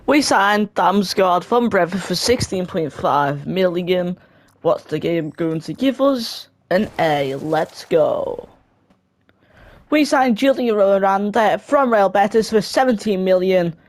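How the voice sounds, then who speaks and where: A young adult talks through a football game career in a relaxed, chatty voice-over, fixing slips on the fly and dropping quick laughing asides. The voice sits at a middle pitch. The recording is close and dry, with no room sound. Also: dry recording. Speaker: gaming video creator.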